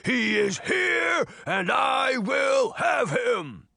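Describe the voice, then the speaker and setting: A man voicing an enormous, vengeful male giant in an audiobook, shouting slowly and heavily. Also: very high voice, very animated, creaky, no echo, studio quality, voice pushed up, exaggerated voice. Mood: furious. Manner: slow shouted bellowing. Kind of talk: audiobook character voice.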